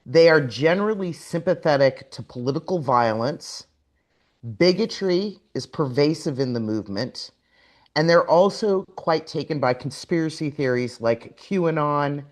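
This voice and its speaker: A woman's voice: low voice, lively intonation, measured pace, a little mellow. A woman speaking as the guest expert on a webinar panel, explaining in an earnest way. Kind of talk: webinar talk.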